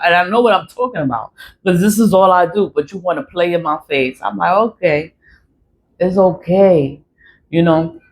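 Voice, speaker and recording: A woman's voice: mid-range voice, slight background noise, rough recording. A woman talking straight to camera about her spiritual cleansing practice, blunt and swearing, laughing between her points. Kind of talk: casual monologue to camera.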